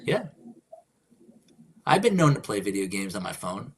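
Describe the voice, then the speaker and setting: Man, very low voice, reflective live-stream chat, whispered affirmations, faint hiss behind. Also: very animated, normal speed. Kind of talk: casual spiritual chat.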